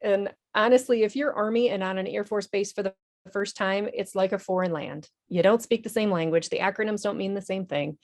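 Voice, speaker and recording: A woman's voice: mid-range voice, a little fast. A woman, an Army veteran and nonprofit director, telling her story in a TV interview in an earnest, candid way with small restarts.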